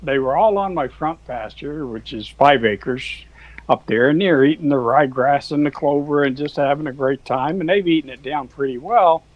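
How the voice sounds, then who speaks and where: A man's voice: on the high side, moderate pace, no echo, highs cut off. Folksy, chuckling rancher man. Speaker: guest, cattle rancher. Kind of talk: casual storytelling.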